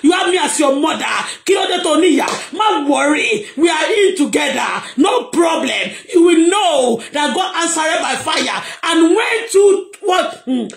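Nigerian lady preaching loud n emotional, gravelly voice, echoey room. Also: sits high, expressive, a little slow, few pauses. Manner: shouting, emotional, switching into Yoruba. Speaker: livestream host preaching. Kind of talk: fervent prayer and preaching. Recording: roomy echo.

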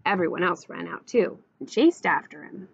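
A woman, a teacher, reading a children's picture book aloud with expressive, animated storytelling. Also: on the low side, moderate pace, vocal fry, breathy edge, dull audio.

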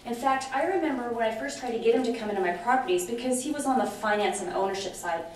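A middle-aged woman giving a lively conference presentation, chatty and animated, often checking in with her audience. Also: fairly high pitch, fast talker. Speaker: conference speaker on dementia care. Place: large conference room. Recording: very echoey hall from far off, faint noise.

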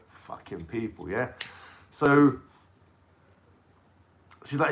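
A young man from London talks straight to his viewers, piling up slang and asides as he tells a long story. He keeps checking in with a quick "yeah?" and drifts off on tangents before picking the thread back up. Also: medium pitch, lively intonation, fairly bright tone. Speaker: vlogger telling a story. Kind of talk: casual storytelling vlog.

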